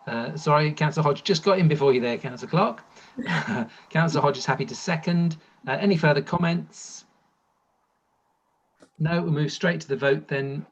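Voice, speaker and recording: A man chairing a council planning committee on a video call, brisk but full of hesitant ums and uhs. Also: on the high side, husky, highs cut off. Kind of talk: chairing an online meeting.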